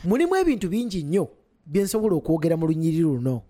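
A man's voice: on the high side, big pitch swings, racing, mellow. A man interpreting a sermon line by line as it is preached.

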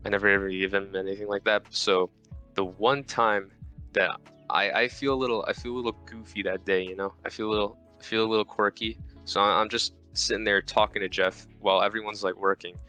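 Bright-toned young man telling a rambling story. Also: fairly low pitch, steady tone, a little fast, clear, resonant tone, faint music behind. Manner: rambling, self-mocking, swears often. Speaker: podcast guest. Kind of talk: casual storytelling chat. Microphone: voice call.

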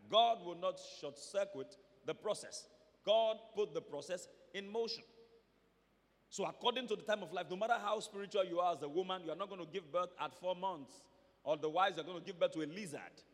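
A man preaching a sermon to a church, moving between quiet asides and emphatic, shouted lines. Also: high-pitched, moderate pace, long reverb tail.

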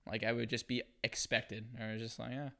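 A man's voice: mid-range voice, little pitch movement, normal speed, gravelly, fairly bright tone. A young man in his twenties, a guest telling wry, self-deprecating stories in casual chat.

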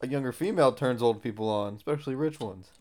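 A man's voice: medium pitch, quick pace, a little mellow. A young man co-hosting a podcast, chatting casually with short, dry, laid-back remarks. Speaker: podcast co-host. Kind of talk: casual chat.

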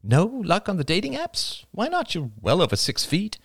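A man's voice: sits high, wildly swooping pitch, normal speed, no echo, clean studio sound, pitched above the performer's own voice, full character voice. A man reading the part of an earnest, curious young woman in an audiobook, asking questions. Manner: questioning, inquisitive.

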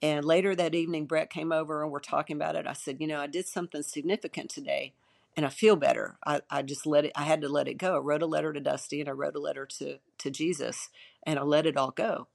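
A woman's voice: low-pitched, fairly even intonation, fast, gravelly, a little mellow. A woman pastor, older, sharing a personal testimony in an earnest, emotional way with many restarts.

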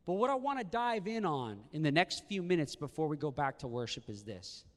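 A man's voice: on the high side, brisk. A man preaching a sermon, asking the room questions and acting out the lines of the people in the story. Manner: animated, rhetorical questions, acts out the brothers' lines. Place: church sanctuary. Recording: reverberant church hall.

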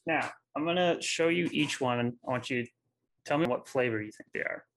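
A man in his twenties co-hosting a podcast in a relaxed, chatty way. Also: medium pitch, brisk. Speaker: podcast co-host. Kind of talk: casual chat.

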